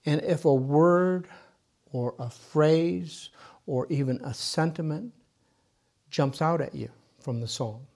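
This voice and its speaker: A man leading a small group through a guided prayer meditation, speaking gently and instructively and at times dropping to a near whisper. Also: mid-range voice, husky. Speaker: meditation leader.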